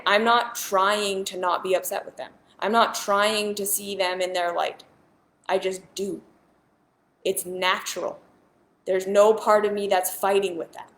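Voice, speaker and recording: A woman at an everyday middle pitch speaks directly to her viewers as a spiritual teacher. She is earnest and emphatic and circles back to the same point again and again. Her voice rings a little in a reverberant room. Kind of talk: casual monologue to viewers.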